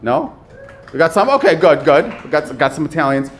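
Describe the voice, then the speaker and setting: A man's voice: on the high side, very animated, fairly quick, vocal fry. A man doing stand-up comedy on a club stage, chatty and self-mocking, with playful asides. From USA, Chicago area. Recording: live club, loud crowd and noise.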